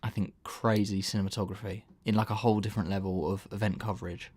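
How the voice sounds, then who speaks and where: A man's voice: on the low side, level tone, fast talker, a little mellow, slightly rough. A man hosting a casual live stream, rambling and breaking off mid-sentence with frequent laughs. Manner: rambling, self-interrupting, laughs often.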